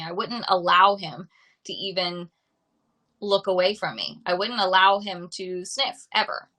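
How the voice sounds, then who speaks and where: Woman, dog trainer, live-stream Q&A, bright voice, patient and repetitive explainer. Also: lowish voice, fairly even intonation, normal speed, rough recording. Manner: explains by repeating simple examples. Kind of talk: live-streamed talk answering viewer questions.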